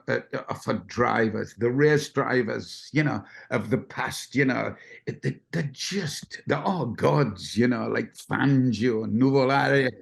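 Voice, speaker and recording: Gravelly older man. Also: medium pitch. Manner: rambling, self-deprecating storyteller. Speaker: guest. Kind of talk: casual anecdote telling.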